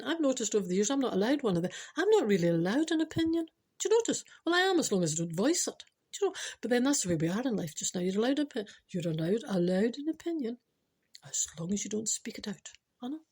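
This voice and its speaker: Scottish woman, podcast host, casual comic monologue, mellow tone, teasing asides. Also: medium pitch, husky. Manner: chatty, animated, teasing asides.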